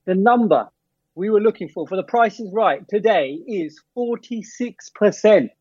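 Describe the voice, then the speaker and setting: A man's voice: high-pitched, lively intonation, a little slow, warm tone, slightly rough, no echo, muffled recording. A man co-hosting a podcast, playful and quizzing the others in casual banter. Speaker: podcast co-host.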